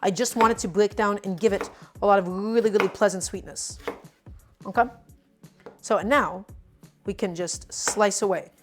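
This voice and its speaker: A woman's voice: medium pitch, moderate pace, long pauses, over music. A woman with a New York accent, chatting and explaining as she cooks on a live stream and talking straight to her viewers. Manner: chatty and explanatory, often calls viewers "my friends". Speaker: cooking streamer. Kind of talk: casual live cooking demonstration.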